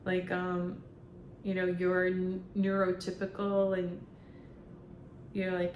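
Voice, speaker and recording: A woman's voice: fairly low pitch, level tone, slow pace, roomy sound, slight background noise. A woman who works as a spiritual medium, talking in a rambling casual monologue full of fillers and laughs.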